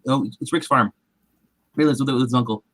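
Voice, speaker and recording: A man's voice: mid-range voice, brisk, a bit bright, no echo, low-quality recording. A man recapping a show in casual, rambling chat, acting out quotes in different voices. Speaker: comic show recap host.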